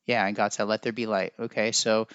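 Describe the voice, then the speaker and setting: A man's voice: on the low side, flat delivery, brisk, a bit bright, clear, resonant tone, no room sound, highs cut off. Rambling male podcast host, dry sound. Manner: rambling and musing, looks things up mid-talk. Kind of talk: casual spoken podcast talk.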